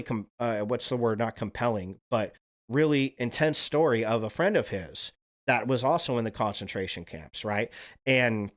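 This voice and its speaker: A man hosting a livestream, talking in a casual, earnest, rambling monologue and swearing now and then. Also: medium pitch. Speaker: livestream host.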